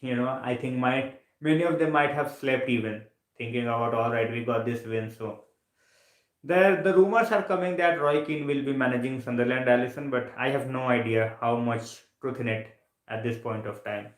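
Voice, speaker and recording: Late at night in a room at home, a sleepy man yawns while casually chatting on a live stream. His mid-range voice moves at a normal speed, relaxed and full of fillers and repeated phrases, in a reverberant, low-quality recording.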